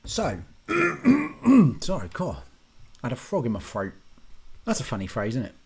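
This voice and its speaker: A man's voice: mid-range voice, wildly swooping pitch, unhurried, gravelly, husky. A man, rambling through a sarcastic, casual comic rant to camera and swearing freely. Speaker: YouTube ranter and host.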